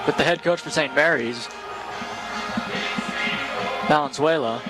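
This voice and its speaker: A man announcing a college baseball game play-by-play from a stadium booth, calling each pitch in brisk detail. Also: over loud music, rough recording. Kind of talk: live baseball play-by-play commentary.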